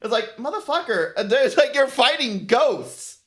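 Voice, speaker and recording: High, bright-voiced swearing male streamer. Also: very animated, moderate pace. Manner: profane, laughing often, mock-quoting others. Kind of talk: casual ranting commentary.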